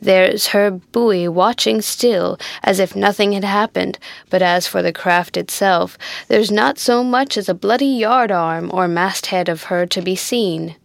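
A hoarse old sailor, voiced by a woman reading aloud. He calls out slowly and plainly, and the recording is dry and close. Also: mid-range voice, no echo. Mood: matter-of-fact.

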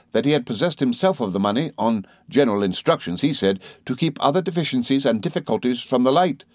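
A man reading aloud as an earnest young lawyer, speaking briskly and brightly. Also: medium pitch, no room sound, studio quality, close to an everyday voice.

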